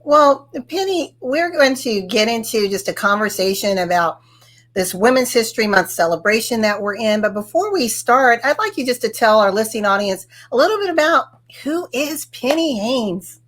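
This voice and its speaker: A woman's voice: a little high, lively intonation, moderate pace, fairly bright tone. Woman host, encouraging, easy laughter, conversational interview. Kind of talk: casual interview.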